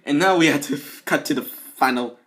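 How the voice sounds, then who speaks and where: A fan-video creator giving excitable, jumpy commentary with casual swearing. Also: medium pitch, fairly quick. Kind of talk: excitable skit narration with commentary.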